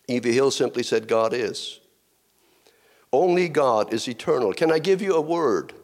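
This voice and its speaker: A middle-aged male pastor preaching a sermon in a conversational way, with asides, restarts and repeated phrases. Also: mid-range voice.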